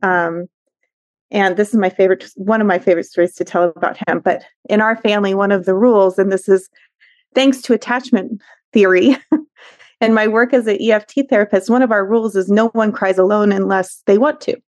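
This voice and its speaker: A woman's voice: medium pitch, fairly even intonation, fairly quick, darkish tone, no echo. Middle-aged woman therapist, guest, earnest storyteller, dry close sound. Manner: tender, earnest, acts out quoted voices. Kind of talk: conversational storytelling.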